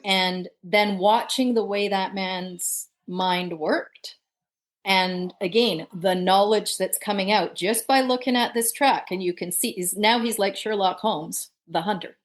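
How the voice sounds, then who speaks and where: A woman guest telling a story in conversation, lively and laughing often. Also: mid-range voice, a little slow. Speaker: podcast guest.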